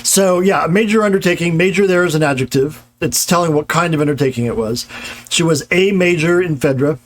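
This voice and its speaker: A man's voice: on the high side, brisk. A man giving a live-streamed grammar lecture, talking casually with many fillers and restarts while answering chat.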